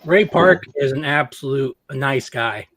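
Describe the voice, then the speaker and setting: Earnest man over clear background hiss. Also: mid-range voice, unhurried, fairly bright tone. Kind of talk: casual chat.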